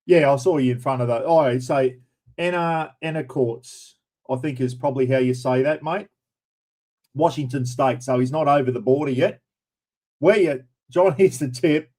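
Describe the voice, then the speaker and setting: An Australian man hosting a relaxed livestream, talking in a loose, blunt way with easy swearing. His voice sits at a middling pitch, neither deep nor high. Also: normal speed, low-quality recording. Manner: chatty and blunt, mild swearing, greets viewers by name. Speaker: livestream host. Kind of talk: casual chat.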